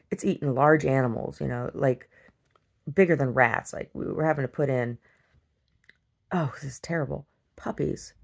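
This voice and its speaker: Woman, low gravelly voice, rambling dream story, video diary. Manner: rambling, animated retelling of a dream with many restarts. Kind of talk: casual storytelling to camera.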